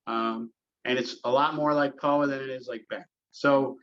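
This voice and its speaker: A middle-aged man chatting through a podcast interview, winding through his stories with plenty of "uh" and false starts. His voice sits at an ordinary middle pitch, and the recording is dull and lo-fi. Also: fairly even intonation, moderate pace, a bit bright. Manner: rambling storyteller, many fillers and restarts. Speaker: golf course superintendent.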